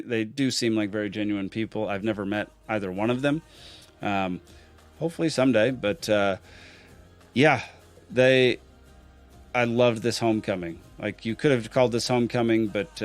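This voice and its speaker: A man hosting a solo podcast, recapping in a chatty, rambling way with lots of fillers and restarts. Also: on the low side. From Texas. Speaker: podcast host.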